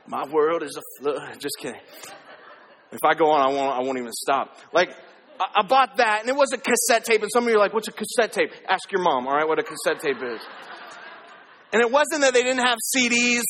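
A man preaching a sermon as a pastor, energetic and joking with his congregation. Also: high voice. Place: church auditorium. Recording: echoey hall.

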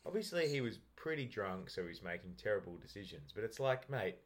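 A young Australian man with a very low voice tells rambling footy stories in a relaxed podcast chat. He drifts from point to point and swears casually. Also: brisk. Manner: rambling, laid-back storyteller, swears casually. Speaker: podcast co-host. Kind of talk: casual sports banter.

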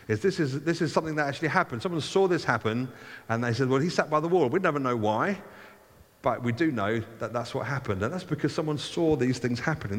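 A man's voice: mid-range voice, big-room sound. A man reading a Bible passage aloud as a preacher, stopping often to comment in a casual, conversational way. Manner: reads scripture then breaks off to comment conversationally.

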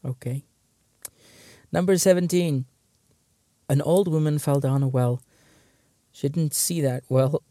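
A man's voice: fairly high pitch, steady tone, takes it slowly, pauses often, warm tone, no room sound. A man hosting his own show, reading out jokes one by one and trying hard not to laugh, muttering and stifling giggles between them. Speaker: host.

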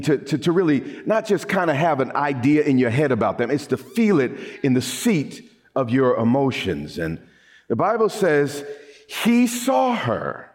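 A middle-aged man preaching a sermon, animated, with repeated phrases and quick restarts. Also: fairly high pitch. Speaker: pastor.

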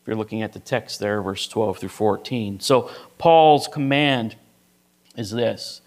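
A middle-aged male pastor giving a sermon in a relaxed, conversational way. He builds his point through a personal story, speaking in a middle pitch and stopping often to ask "right?". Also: unhurried.

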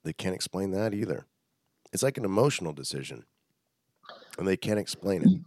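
A man's voice: sits low, animated, a little fast, a little mellow, dry recording, clean studio sound. A man chatting casually, telling stories with acted-out quotes. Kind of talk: casual chat.

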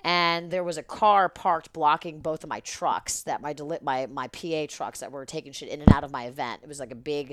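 A woman's voice: low-pitched, fairly quick, few pauses, a bit bright, dry recording. A woman guest on a podcast, telling a story in casual, rambling, profanity-laced chat. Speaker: event producer.

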